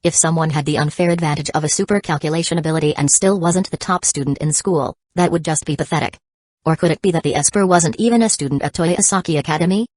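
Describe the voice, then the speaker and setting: A woman narrating an audiobook in an even, unhurried reading with uneven pauses. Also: deep voice, no echo.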